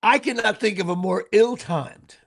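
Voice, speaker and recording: A man's voice: sits high, normal speed, vocal fry, a bit bright, slightly rough. A middle-aged man, hosting a show in casual, comedic, profane chat with stammering repeats. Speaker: podcast host.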